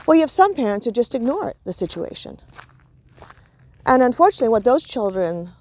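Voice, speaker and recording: A woman's voice: fairly high pitch, sing-song, brisk, a little mellow. A woman giving an informal spoken lesson on parenting, explaining with examples and filling her talk with "you know" and "right". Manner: explains with examples, acts out soothing talk to a child. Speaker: parenting and emotions teacher.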